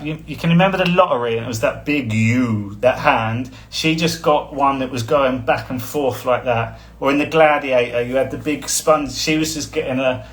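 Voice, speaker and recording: A man's voice: medium pitch, fairly bright tone. Rambling man on a live stream. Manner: rambling, chuckles often, blunt. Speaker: spiritual coach hosting a live stream. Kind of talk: casual livestream talk.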